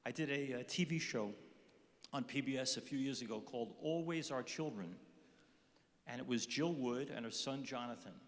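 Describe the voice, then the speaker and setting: An older man giving an earnest inspirational talk at a conference, telling stories with touches of humor. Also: medium pitch. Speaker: conference speaker. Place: large conference hall. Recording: reverberant hall.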